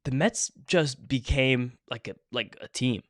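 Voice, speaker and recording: A man co-hosting a sports podcast, excitable and profane, talking in quick bursts into a close mic. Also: mid-range voice, no room sound. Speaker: podcast co-host. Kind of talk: excited casual chat.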